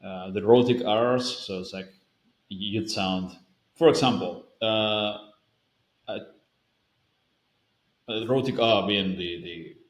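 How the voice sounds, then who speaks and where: A man from Spain chats to camera in answer to a viewer question. His voice sits on the low side and echoes around the room. He rambles and restarts sentences often. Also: fairly even intonation, takes it slowly, pauses often. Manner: rambling, self-correcting, with frequent fillers. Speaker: language-learning video creator. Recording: roomy echo.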